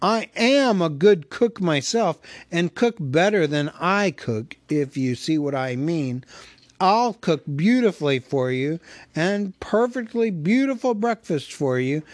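A man's voice: a little high, animated, measured pace, dry recording, pitched above the performer's own voice. A man voicing a small, frightened male hobbit who stammers and pleads.

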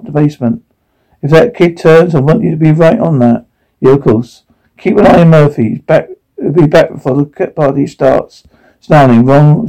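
Gravelly man reading zombie-drama cues. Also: fairly high pitch, mellow, low-quality recording.

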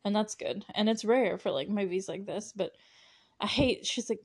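A woman's voice: mid-range voice, normal speed, slightly rough. Chatty young woman recapping a movie. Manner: chatty, laughs often, sarcastic asides. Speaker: podcast host.

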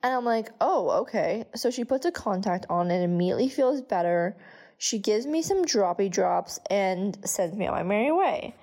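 A woman's voice: mid-range voice, expressive, normal speed, a little mellow. A young woman telling a casual storytime vlog, chatty, with frequent swearing and many fillers. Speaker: vlogger.

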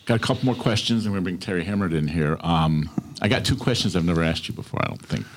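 Low-voiced male interviewer, chatty. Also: quick pace, background noise. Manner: friendly, conversational questioning. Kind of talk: casual interview chat.

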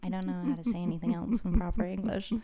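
A woman's voice: on the low side, steady tone, fast, warm tone. A young woman from Las Vegas co-hosting a podcast, musing and asking questions in casual chat, with lots of "like". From Las Vegas, Nevada, USA. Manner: quizzical, musing, heavy on "like". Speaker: podcast co-host.

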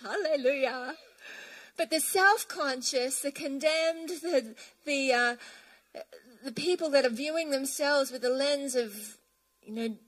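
A woman's voice: high-pitched, a bit bright, poor audio. A woman preaching a sermon emphatically, reading scripture aloud.

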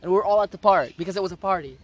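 A man's voice: high voice, racing. A man telling a dramatic personal story in casual chat, campy and profane, acting out quotes. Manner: animated, dramatic storytelling with laughs and acted quotes.

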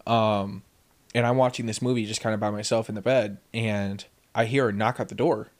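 A man co-hosting a podcast, telling a story in casual chat, swearing often and acting out the quotes loudly. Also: on the low side, normal speed. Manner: animated storyteller, profane, acts out quotes loudly. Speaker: podcast co-host.

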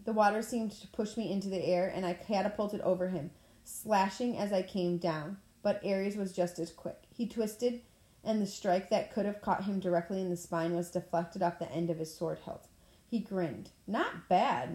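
Brief: woman reading a story aloud, mellow dark tone, roomy echo, plain delivery. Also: medium pitch. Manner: plain reading, clears throat now and then. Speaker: audiobook reader. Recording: echoey room.

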